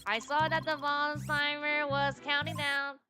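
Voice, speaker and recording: Woman doing a curt robotic bomb-squad man, raised pitch, clipped lines. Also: measured pace, soft background music. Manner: clipped, flat, mechanical delivery. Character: terse male bomb expert speaking like a robot.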